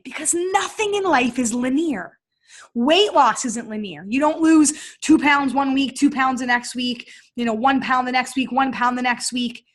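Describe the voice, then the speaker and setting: Fitness coach lady, kinda high voice, emphatic and energetic, storytelling vlog. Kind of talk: motivational vlog talk.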